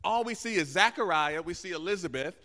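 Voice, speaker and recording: A guest pastor with a high, pushed, bright voice preaches briskly and with lively intonation. Throughout the sermon he acts out little asides and calls out to the congregation, his words echoing with the long reverb of a large church sanctuary.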